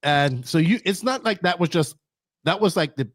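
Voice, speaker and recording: A man's voice: fairly high pitch, animated, normal speed, fairly bright tone, no echo, studio quality. A man hosting a casual live stream, chatty and agreeable, with some self-deprecating jokes. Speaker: host.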